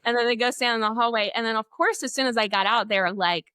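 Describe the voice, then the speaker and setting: A woman educator in an interview, telling classroom stories in an animated way, acting out students and laughing often. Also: on the high side, fast, clear, resonant tone, dry recording, studio quality. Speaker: guest, literacy educator. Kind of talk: conversational interview.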